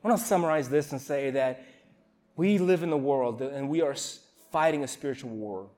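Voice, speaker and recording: A young man giving an emotional, earnest informal sermon at a youth camp, with halting restarts. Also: medium pitch, mellow.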